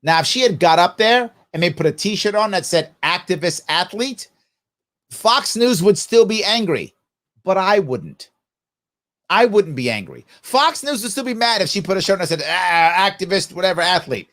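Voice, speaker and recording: A middle-aged man hosts a live political commentary show with a high, very lively voice that climbs and dips constantly. He argues his case in a back-and-forth manner, throwing rhetorical questions at his audience and slipping into quick impressions of other people. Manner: animated, argumentative, peppered with rhetorical questions; acts out quoted voices mid-rant. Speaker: host.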